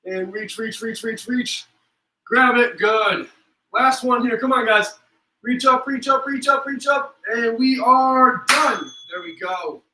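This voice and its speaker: A man's voice: extremely high pitch, takes it slowly, pushed and bright, echoey room, recorded from a distance, a little hiss or hum, rough recording. A young man leading a live-streamed home workout as a fitness instructor, counting reps aloud and joking between sets.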